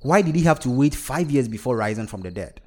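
A man's voice: medium pitch, lively intonation, a little fast, darkish tone, natural voice. A man voicing a skeptical middle-aged husband in a storybook reading. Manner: skeptical, mildly mocking.

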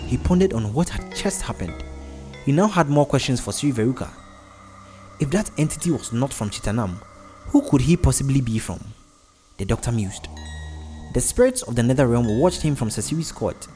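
Man reading a story out loud, lively pitch, mellow dark voice, soft music behind. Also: normal speed. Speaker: narrator.

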